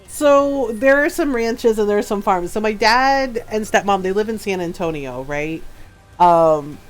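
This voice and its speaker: A woman's voice: medium pitch, a little slow. A woman streaming a video game, chatting casually and laughing often as she tells stories. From her father's home in Texas. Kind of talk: casual gameplay chat.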